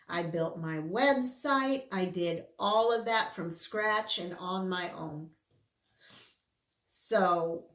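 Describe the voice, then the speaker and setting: A middle-aged woman vlogger chatting candidly while she eats, sometimes with her mouth full. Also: medium pitch. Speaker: mukbang vlogger. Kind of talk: casual chat while eating. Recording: roomy indoor echo.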